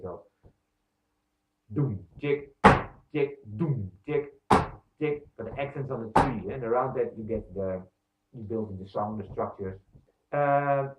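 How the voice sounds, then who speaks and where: Man counting reggae beats in an echoey room. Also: fairly low pitch. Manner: explains step by step, counts beats aloud, with fillers and restarts. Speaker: percussion teacher. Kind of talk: instructional demonstration. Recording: echoey room, distant mic, thin phone-like sound.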